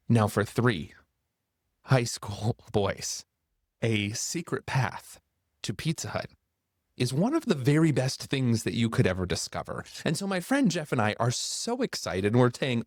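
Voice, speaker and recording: A man's voice: mid-range voice, no echo, clean studio sound. A man telling a personal story for a church series, building suspense as he narrates.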